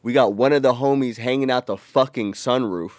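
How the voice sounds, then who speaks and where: A young man co-hosting a casual podcast, telling a rowdy story with lots of profanity and loud acted-out quotes. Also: medium pitch, brisk, no room sound, studio quality. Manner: animated, profane, acts out quotes in a raised voice. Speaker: podcast co-host.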